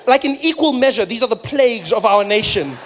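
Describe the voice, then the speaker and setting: A South African man performing a stand-up comedy set, animated and acting out voices for punchlines. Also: extremely high pitch, brisk, soft background music.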